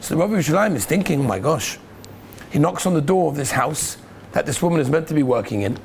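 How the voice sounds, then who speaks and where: A rabbi with a high voice tells a story to his yeshiva students, acting out the people in it with lively energy. He drops Hebrew and Yiddish words into his speech. A faint room hum sits behind him. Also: racing, gravelly. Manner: animated storyteller, acts out the voices in his tale. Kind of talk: casual Torah talk with a story.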